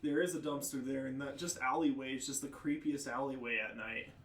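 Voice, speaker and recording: Sardonic man, bright, off-mic. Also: mid-range voice, fairly even intonation, brisk. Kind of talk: casual chat. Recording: distant mic.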